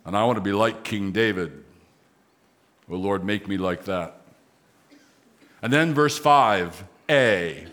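A man preaching a sermon, moving between quiet, conversational asides and raised, emphatic declarations. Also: medium pitch. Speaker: pastor.

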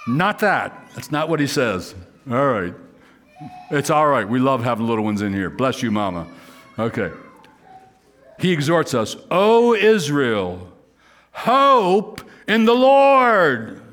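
A male pastor delivers a sermon in a church, mid-pitched and conversational. He cracks small jokes and acts out what people might say to God. When he reads scripture he slows down and his voice swells higher and louder. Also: lively intonation. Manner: rises high and loud when reading scripture, voices imagined speakers; conversational asides with humor.

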